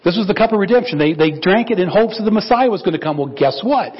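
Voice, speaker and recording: Male pastor, conversational and animated sermon, slightly high voice, muffled lo-fi audio. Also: fast talker, breathy edge. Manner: animated, acts out biblical dialogue in quoted voices.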